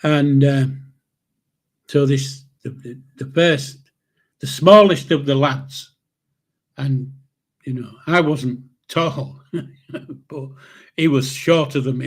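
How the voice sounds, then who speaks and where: Man, 70s, slow husky storyteller, rambling memoir. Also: mid-range voice. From England. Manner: rambling, halting, with chuckles. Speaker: channel host, grandfather. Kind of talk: casual spoken memoir storytelling.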